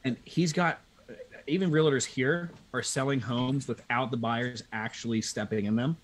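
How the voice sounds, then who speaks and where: A man from Pennsylvania, a business coach and guest in a casual chat, who tells animated stories and acts out the people in them. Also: mid-range voice, normal speed. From Pennsylvania, USA.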